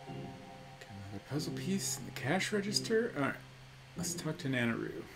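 A woman with a low, very animated voice talks slowly through a game she is streaming, relaxed and amused. Music plays steadily behind her. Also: gravelly, low-quality recording. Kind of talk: casual let's-play commentary.

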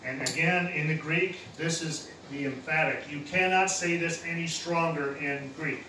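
A high-voiced man preaches in a plain, casual way, dropping in everyday slang. He is heard from some distance in a roomy hall that echoes. Faint noise sits under his voice. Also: steady tone, moderate pace, bright, forceful tone. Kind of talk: sermon.

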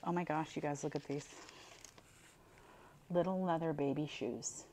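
An older woman talks her viewers through a mystery box, exclaiming over each little find. Her voice sits a touch low, and she takes her time. A faint hiss of background noise runs under the recording. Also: steady tone, unhurried, warm tone. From Buffalo, New York. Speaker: reseller unboxing mystery boxes. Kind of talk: casual unboxing chat to viewers.

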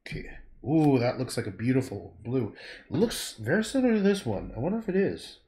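A man's voice: medium pitch, very animated, brisk, warm tone. A man painting on a livestream, thinking aloud in a rambling way, humming and murmuring to himself between sentences.

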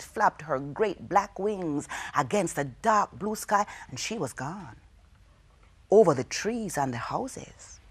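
A woman telling a folk tale to children, dramatic, with call-and-response and hushed whispers. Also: mid-range voice, husky. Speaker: storyteller. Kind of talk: storytelling for children.

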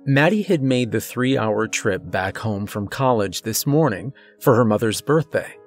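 A man narrating a horror story in a measured, scripted storytelling delivery. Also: lowish voice, animated, faint music behind.

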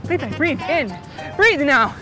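An actor playing a sassy office assistant. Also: male voice, very high-pitched, big pitch swings, takes it slowly, over loud music, heavily acted. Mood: coaxing. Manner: sassy, chatty, calls people honey and girl. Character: overly helpful, sassy male office assistant. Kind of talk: comedy web series acting.

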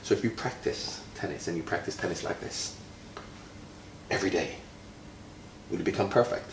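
Deep-voiced man in his fifties, playful and quizzing. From Jamaica. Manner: playful, quizzing, drawn-out emphasis. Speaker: retired footballer, interviewee. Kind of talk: friendly teaching chat with a child. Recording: roomy, from far off, faint noise.

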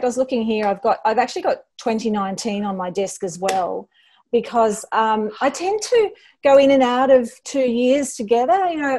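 Woman host, chatty, enthusiastic, long rambling questions, mid pitch. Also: a little mellow. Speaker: host and interviewer. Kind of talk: casual interview.

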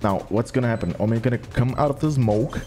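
A man's voice: medium pitch, fast talker, dark tone, soft background music. A man commentating his own gameplay with brash, crude trash talk and exasperated rants. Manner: exasperated, ranting.

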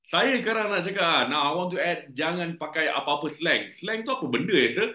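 A man's voice: a little high, quick pace, echoey room. A man with a Malaysian accent, a teacher giving chatty, jokey exam tips in a casual lesson. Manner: chatty, animated, jokey, code-switching. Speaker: English teacher.

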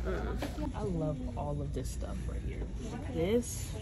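A young woman vlogging casually while driving and shopping, chatty, excitable and giggly. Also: fairly low pitch, slow pace. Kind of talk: casual vlog chat. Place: car, then inside a store. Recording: loud background noise.

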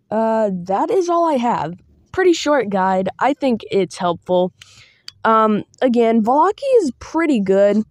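A woman's voice: fairly high pitch, warm tone, no room sound, clean studio sound. A woman giving a casual spoken guide as a tabletop game master, chatty and meandering with small asides.

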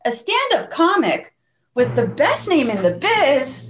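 A woman's voice: sits high, huge pitch swings, a little slow, noisy background. A woman hosting a casual chat show, bubbly and jokey, slipping into playful put-on voices. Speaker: host.

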